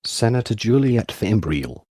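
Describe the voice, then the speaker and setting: A lower-voiced man reads out an official listing in a flat, formal way, moving through names and titles one by one. A faint bed of music sits underneath his voice. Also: measured pace. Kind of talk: scripted reading of a government listing.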